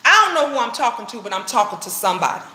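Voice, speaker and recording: A woman's voice: on the high side, animated, rapid-fire, a bit bright. A middle-aged woman vlogger giving an emotional, impassioned monologue to her viewers, repeating phrases and swearing bluntly. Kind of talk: heartfelt preachy monologue to viewers. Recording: roomy echo.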